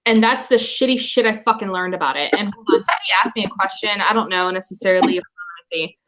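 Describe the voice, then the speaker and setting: A woman's voice: mid-range voice, quick pace, pushed and bright, rough recording. A woman hosting a livestream, talking in an upset, profane, apologetic way. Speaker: stream host. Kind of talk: emotional livestream talk.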